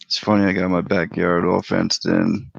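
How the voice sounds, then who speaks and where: A man hosting a livestream in a relaxed, casual chat, greeting viewers by name. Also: low voice, normal speed, vocal fry. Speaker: livestream host. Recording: dull dry lo-fi livestream audio.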